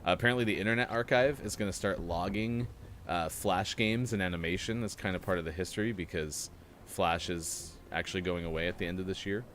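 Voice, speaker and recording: A man's voice: deep voice, a little fast, a bit bright, slight background noise. A man hosting a gaming morning show, chatting casually and reading news items while playing a game. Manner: rambling, reads out news items between gameplay remarks.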